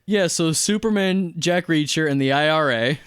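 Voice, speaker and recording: Dude cohosting a movie podcast, bit higher smooth voice, acts out scenes, dry mic. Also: male voice, unhurried, fairly bright tone, no echo. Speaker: podcast co-host. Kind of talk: casual film review chat.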